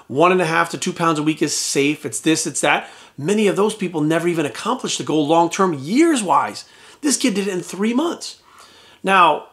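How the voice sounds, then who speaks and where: Blunt, profane man telling a story. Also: fairly high pitch. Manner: animated when quoting others. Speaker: fitness coach. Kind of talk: casual monologue.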